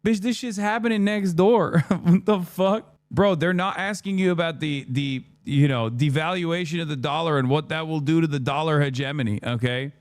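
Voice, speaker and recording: A man's voice: fairly high pitch, moderate pace, few pauses, no echo. Mocking, heated streamer man, dry sound. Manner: mocking, heated, swears often, laughs at clips. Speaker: streamer reacting to clips. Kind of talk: profane reaction commentary.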